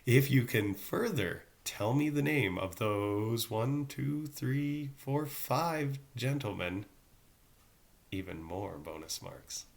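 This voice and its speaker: A man's voice: medium pitch, animated, slow, vocal fry. A middle-aged male teacher talking casually to his students, with joking asides. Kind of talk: casual recorded class talk.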